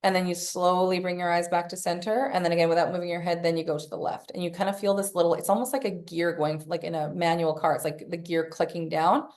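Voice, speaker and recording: A woman's voice: lowish voice, level tone, quick pace, few pauses, a little mellow. A woman hosting a podcast, giving casual self-help coaching, swearing freely and acting out her own inner voice. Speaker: podcast host.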